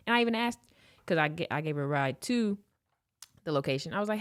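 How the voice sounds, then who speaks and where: A man's voice: fast, clear, resonant tone, no room sound, studio quality. A young man from Los Angeles, a podcast co-host telling a story in casual chat, swearing freely and acting out quotes. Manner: animated storyteller, swears freely, acts out quotes with big pitch jumps.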